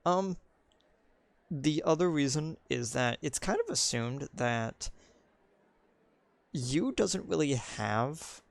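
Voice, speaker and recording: A man's voice: a little high, expressive, takes it slowly, vocal fry, long pauses, dry recording. A young man giving casual commentary while streaming a video game, rambling and full of ums and likes.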